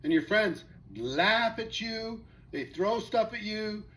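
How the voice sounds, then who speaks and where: A man's voice: high voice, expressive, takes it slowly, fairly bright tone, poor audio. A man speaking as a network marketing presenter, telling a story with rhetorical questions to his audience in a motivational talk.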